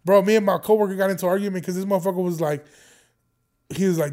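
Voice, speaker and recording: A young man with a high voice talks straight to his viewers in a loose, rambling monologue. He swears freely, wanders off topic and keeps breaking into laughter between jokes. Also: steady tone, very fast, mellow. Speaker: vlogger.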